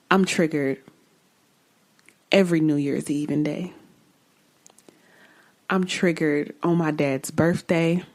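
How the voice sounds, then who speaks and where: A woman hosting a podcast alone, speaking bluntly and with open exasperation, swearing freely, in a casual way. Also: deep voice. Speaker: podcast host. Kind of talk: casual solo podcast talk.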